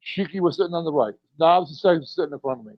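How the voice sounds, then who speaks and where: A middle-aged pro wrestler, guesting on a podcast, talks very fast in a fairly high voice. He tells rambling anecdotes and chuckles between lines, on dull, dry, lo-fi audio with no echo.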